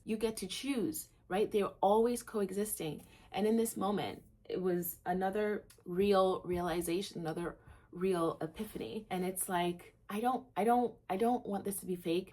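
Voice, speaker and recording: A young woman hosting a gratitude vlog, talking candidly to camera and rambling with lots of "like.". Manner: candid, rambling, heavy use of "like"; laughs at herself, swings between low and excited. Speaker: vlog host.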